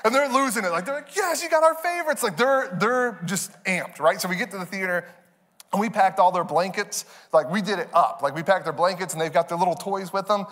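A man preaches in a lively storytelling style. His voice sits fairly high, and he slips into his kids' voices with bursts of laughter. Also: a little fast, in a large hall. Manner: animated, acts out his kids in high voices, laughs often. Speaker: pastor. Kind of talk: storytelling sermon. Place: church stage.

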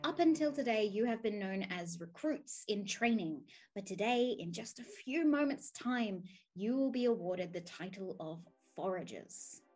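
A woman's voice: medium pitch, expressive, normal speed, few pauses, darkish tone. A woman narrating a tabletop game as game master, often breaking into giggles.

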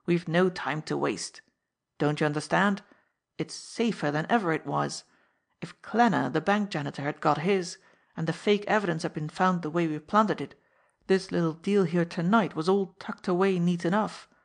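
A woman's voice: lowish voice, vocal fry. A woman voicing a cool, contemptuous male gangster who speaks in a clipped, emphatic way. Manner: clipped, sharp, slow and emphatic.

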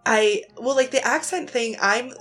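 A woman's voice: a little high, measured pace, a bit bright. A Canadian woman hosting a podcast, chatting casually with lots of fillers and restarts, faint music behind. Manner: chatty, many fillers and restarts, laughs often. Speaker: podcast host. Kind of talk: casual conversation.

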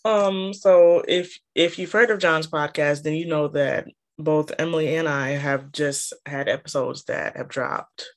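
Woman, calm soothing voice, unhurried, giggly co-host, casual podcast chat. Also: low-pitched. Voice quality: calming voice. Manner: slow, soft-spoken, giggly.

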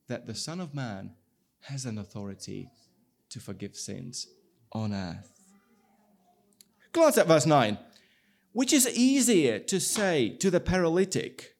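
A man delivers a sermon at an unhurried pace. His pitch rises and falls widely as he retells the story. He acts out the people's dialogue with animated emphasis. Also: creaky. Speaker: pastor.

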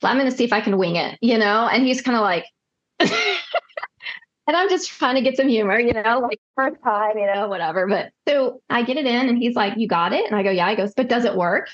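A woman nurse practitioner telling a story casually, acting out quoted dialogue with lively voices. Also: a little high, quick pace, hardly any pauses, dull audio.

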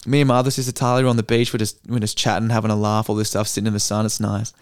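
A man's voice: lowish voice, level tone, rapid-fire, smooth, no room sound, clean studio sound. A man in his twenties with an Australian accent, telling stories in casual chat, swearing freely and full of fillers. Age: 20s. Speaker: podcast co-host, actor and comedian.

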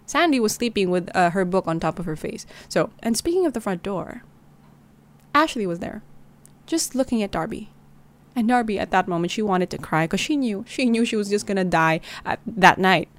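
A woman's voice: medium pitch, expressive, normal speed. A woman, hosting a true-crime podcast, narrating a story in a casual, dramatic way with Tagalog phrases mixed in. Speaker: podcast host.

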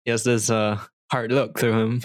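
A man's voice: medium pitch, flat delivery, moderate pace, dry recording. A man narrating as game master of a tabletop game, rambling and laughing often. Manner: rambling, many fillers and restarts, laughs often.

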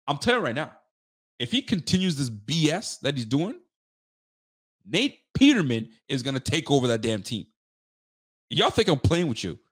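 Animated, cursing football podcast man. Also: medium pitch, husky. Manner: animated, swears, talks straight to listeners. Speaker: sports podcast host. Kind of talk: casual football picks chat.

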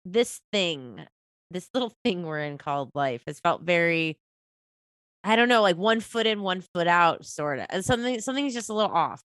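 A woman's voice: lowish voice, animated, normal speed, fairly bright tone, no room sound, clean studio sound. A woman with a nasal, stuffy voice from a cold, chatting casually on a podcast, rambling, swearing and laughing. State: sick, nasal and coughing. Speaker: podcast co-host. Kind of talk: casual chat about astrology.

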